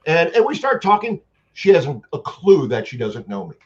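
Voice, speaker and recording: A man's voice: a little high, normal speed. A man, a guest actor and paranormal investigator, telling long-winded stories in a casual chat, with lots of restarts. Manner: animated, long-winded anecdotes with many restarts. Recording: dull lo-fi sound.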